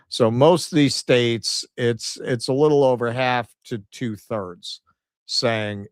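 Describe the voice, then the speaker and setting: With a medium-pitched voice recorded clean and echo-free in a studio, a man co-hosts a casual political commentary stream. He reads out poll numbers and quotes, dropping sarcastic, mocking asides along the way.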